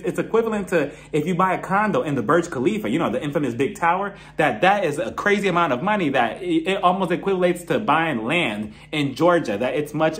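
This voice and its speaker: A man giving a casual, chatty solo review of a reality TV episode, often laughing at his own jokes. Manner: jumps into high-pitched exclamations when mimicking reactions.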